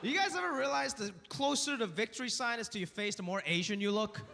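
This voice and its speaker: A man doing a stand-up comedy set, telling stories in an animated way and acting out voices. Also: very high-pitched, quick pace, gravelly, music in the background. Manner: animated storytelling with acted voices. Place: theater stage with live audience. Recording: roomy hall with crowd laughter. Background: audience laughing.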